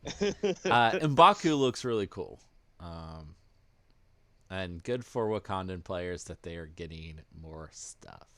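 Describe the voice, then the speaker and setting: Very deep-voiced, unhurried male podcast host. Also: lively intonation, fairly bright tone, no room sound. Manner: hesitant, filler-heavy explaining. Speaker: podcast host presenting news. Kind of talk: casual podcast chat.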